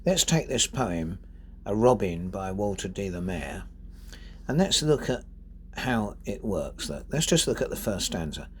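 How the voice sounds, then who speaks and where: A man giving a spoken lesson on poetry, reading verse aloud and stressing syllables deliberately to show rhythm. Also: lowish voice, very animated, slight background noise. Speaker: poetry teacher.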